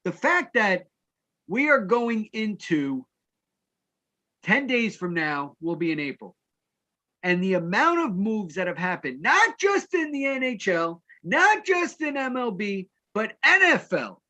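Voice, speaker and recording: A man's voice: high voice, big pitch swings, a little slow, pushed and bright. A man hosting a live sports talk show, bantering with his co-host in a playful, mock-formal way.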